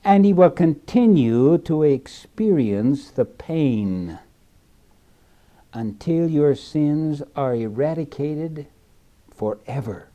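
Middle-aged guy preaching real slow, deep mellow dark tone, goes hushed then loud. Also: animated. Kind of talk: sermon.

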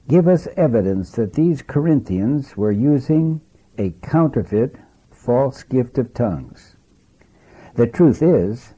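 Man, preacher, sermon, very dark mellow voice, unhurried, earnest storytelling. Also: mid-range voice, slightly rough, low-quality recording.

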